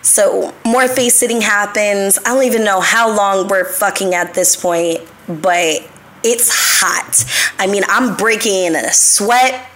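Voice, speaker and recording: Hosting a live show, a young adult woman tells stories in a casual, confessional style, swearing freely and addressing her listeners directly. Her medium-pitched voice is slightly bright and unhurried.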